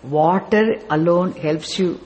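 A man's voice: high voice, slow, a little mellow. A man teaching a scripture class, explaining step by step with rhetorical questions and chanting verses. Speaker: spiritual teacher.

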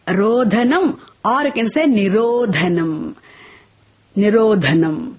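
Husky woman teaching slowly in English. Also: mid-range voice, lively intonation, darkish tone. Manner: slow, repetitive teaching, has students repeat words. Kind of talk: spiritual text class.

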